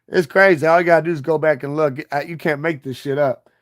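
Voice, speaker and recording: A man's voice: on the high side, steady tone, quick pace. A man in his thirties hosting a livestream, chatting casually and profanely with viewers in a rambling, playful way. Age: 30s. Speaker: livestream host.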